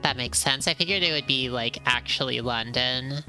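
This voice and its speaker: A woman's voice: rumbling low, normal speed, music in the background. A woman streamer giving chatty, easily delighted commentary while playing a game. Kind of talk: casual gameplay commentary.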